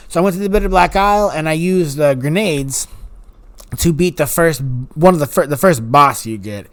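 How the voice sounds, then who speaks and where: A man talking loosely over footage of his own game run, wandering from point to point. His voice sits a bit high and comes across smooth and clear. When he quotes himself or others, his pitch leaps up. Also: moderate pace. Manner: rambling, animated, acts out quoted dialogue in higher voices. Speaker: gaming YouTuber. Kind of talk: casual gameplay commentary.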